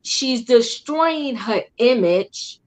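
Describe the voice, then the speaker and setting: A woman's voice: fairly high pitch, animated, very slow. Chatty emphatic woman host. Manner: chatty, emphatic, repeats herself. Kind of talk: casual recap chat.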